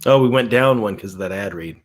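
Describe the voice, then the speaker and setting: A man's voice: on the low side, brisk. A man co-hosting a podcast, chatting casually and laughing often, addressing viewers directly. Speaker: podcast co-host. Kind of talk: casual chat.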